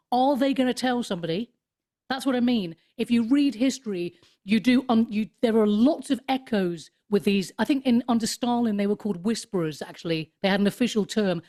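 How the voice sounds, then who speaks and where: Brief: woman in her fifties, podcast guest on a video call, lively delivery with mocking asides. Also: medium pitch. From United Kingdom. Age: 50s. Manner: animated, switches into mocking put-on voices. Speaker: podcast guest, comedian and author. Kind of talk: casual conversation.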